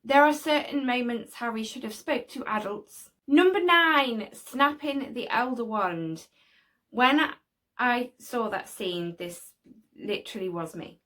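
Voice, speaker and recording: A chatty young Englishwoman with a slightly high voice hosts her own opinion vlog. She talks straight to camera, opinionated and a little scolding, and keeps it loose and conversational. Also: lively intonation, unhurried, a bit bright. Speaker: video host.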